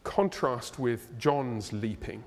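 A man preaching a sermon as pastor, animated and playful as he tells the story. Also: medium pitch, slow pace. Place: church hall, live congregation. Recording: long reverb of a church hall.

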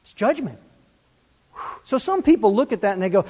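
A man preaching a sermon, animated and full of rhetorical questions, swinging between loud and soft. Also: high voice, fairly quick, pauses often, a little hiss or hum. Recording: long reverb.

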